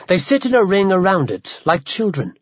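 A man narrating an audiobook in a vivid, measured storytelling manner. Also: sits high, sing-song, slightly rough, dry recording. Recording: dull, dry lo-fi.

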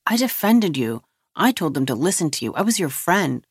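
Read by a narrator, a weary, contemptuous man speaks in a hoarse, croaking voice after nearly dying. He sounds groggy and resentful. The recording is dry and close. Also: mid-range voice, sing-song, moderate pace, no echo, pitched above the performer's own voice. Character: bitter, groggy man recovering from an overdose. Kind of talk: audiobook character voice.

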